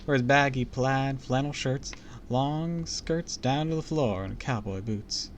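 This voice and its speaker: A man's voice: medium pitch, slow, a little hiss or hum. A man streaming a live read-aloud of a book, breaking off into casual comments and jokes. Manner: chatty, comments and jokes between passages.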